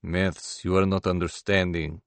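Scornful hermit genius, male, broken English, querulous and mocking; a male narrator puts him on, low-pitched and dry. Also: flat delivery, a little slow, smooth, dry recording. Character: eccentric male quant mathematician, scornful recluse.

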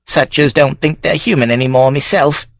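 A woman's voice: low voice, moderate pace, creaky, dry recording, pitched above the performer's own voice. A man voicing a wily, blunt woman smallholder over seventy, with sly, clipped country speech. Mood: shrewd. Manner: sly, clipped rural speech, fond of swearing.

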